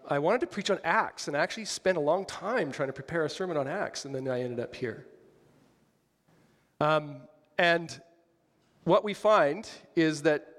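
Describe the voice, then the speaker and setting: A man's voice: medium pitch, a bit bright, long reverb tail. A man preaching a conversational sermon, asking the congregation questions and joking lightly. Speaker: pastor.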